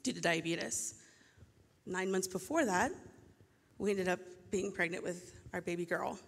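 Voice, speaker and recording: A woman's voice: on the low side, unhurried. A woman sharing a personal testimony in church, emotional and tearful as she tells her story. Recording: long hall reverb.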